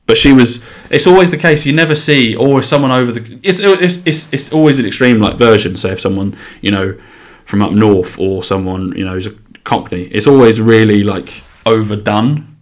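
Young English guy hosting his own podcast, lowish voice, chatty and blunt, swears, lots of restarts. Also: normal speed. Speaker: solo podcast host. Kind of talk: casual rambling monologue.

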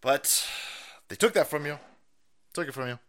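A man with a fairly high voice that swings wildly in pitch, ranting on a live stream. He is foul-mouthed and loud. He keeps mocking people with sudden impressions and laughs at his own jokes. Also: lively intonation, moderate pace. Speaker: streamer host.

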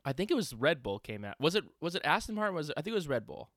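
Bright-voiced man riffing crudely. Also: a little high, sing-song, rapid-fire, dry recording, clean studio sound. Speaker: podcast co-host. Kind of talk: casual comedic chat.

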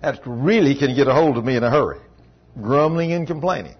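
A man's voice: mid-range voice, fairly quick, breathy edge. A man preaching an informal sermon to his congregation, in a folksy, rambling way. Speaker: pastor. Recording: dull lo-fi sermon recording.

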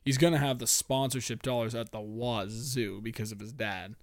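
Young guy ranting on his podcast, swears a ton, trips over his words, mid pitch, dead dry sound. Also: moderate pace, no room sound. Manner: profane, animated ranting with frequent stammered restarts. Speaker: podcast host. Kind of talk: solo podcast rant.

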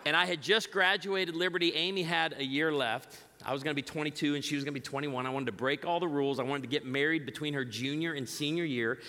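A middle-aged man from the Chicago area preaches to a church crowd, telling funny stories and acting out the people in them. His voice is bright and fairly high, and it carries through a big hall with a long reverb. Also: quick pace, hardly any pauses. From Chicago area, United States. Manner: animated storytelling, acting out quoted voices. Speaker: guest speaker. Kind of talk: humorous church message. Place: large church auditorium.

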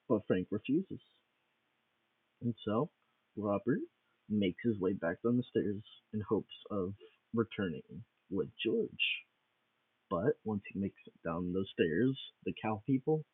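Guy rambling through a silly made-up story, husky lowish voice, dry tinny phone sound. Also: animated, slow, long pauses, no room sound, recorded from a distance. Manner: rambling, with restarts and fillers. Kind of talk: improvised comic storytelling.

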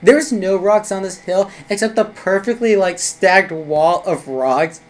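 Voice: medium pitch, a little slow. A speaker casually retelling a movie plot in a rambling, filler-heavy way, often laughing. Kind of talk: casual movie recap chat.

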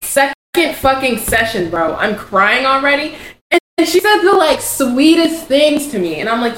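A young woman co-hosting a podcast in casual chat, frank and expressive, swearing freely. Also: high voice, slow. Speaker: podcast co-host. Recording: echoey room, faint background noise.

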